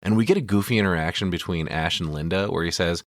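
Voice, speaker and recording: A man's voice: low voice, fast talker, no echo, clean studio sound. A man hosting a podcast, casually retelling a film's scenes with lots of swearing and quoted lines. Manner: profane, animated retelling with quoted character lines. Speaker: podcast host. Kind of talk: casual movie recap chat.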